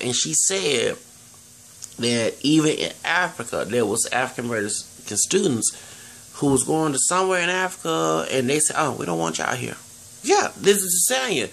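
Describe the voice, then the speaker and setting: Very gravelly Texan man rambling. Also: fairly high pitch, a bit bright. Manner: earnest, digressive, many restarts and fillers. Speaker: vlogger. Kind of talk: rambling monologue to camera.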